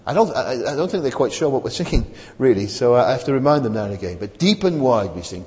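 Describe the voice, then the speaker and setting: A middle-aged male preacher giving a chatty sermon, with a pitch that rises and falls widely as he goes. He often tags his points with "isn't it?" His voice rings with a long reverb through the chapel. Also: very animated, fast, hardly any pauses, a little mellow. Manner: conversational, keeps asking "isn't it?".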